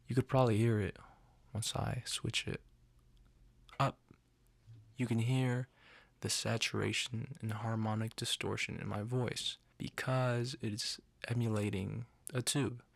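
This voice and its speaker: A man's voice: fairly low pitch, gravelly, dry recording. A man hosting a casual gear demo in an untreated home room, rambling with self-deprecating, jokey asides, recorded close on a studio condenser mic. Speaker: channel host. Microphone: studio condenser mic through outboard chain.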